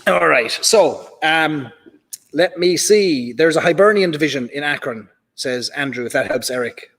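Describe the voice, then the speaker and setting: A man's voice: on the high side, lively intonation, a little slow, fairly bright tone. A man with an Irish accent hosting a live whiskey stream, chatting casually and reading out viewer comments from a club hall. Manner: chatty, reads out viewer comments, many fillers. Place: large club function hall. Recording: reverberant hall.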